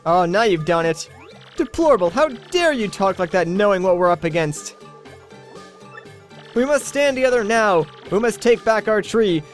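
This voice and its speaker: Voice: mid-range voice, expressive, moderate pace, soft background music, natural voice. A bossy old female tree-creature elder snaps and grumbles in a folksy, impatient way, as a man puts her on while reading a video game's lines. She scolds the young ones and fusses about her comforts. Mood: cranky. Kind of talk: Let's Play dialogue reading.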